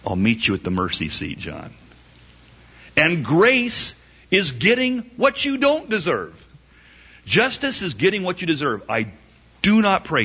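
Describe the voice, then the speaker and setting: A man preaching a sermon emphatically, asking rhetorical questions and swinging his pitch up and down. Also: very animated, unhurried, bright, forceful tone, husky. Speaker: pastor. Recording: dull lo-fi recording.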